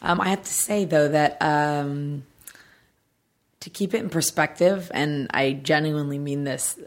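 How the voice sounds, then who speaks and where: A woman guest in a casual interview, earnest and reflective, her voice tired and slightly hoarse. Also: sits low, measured pace. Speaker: actress guest.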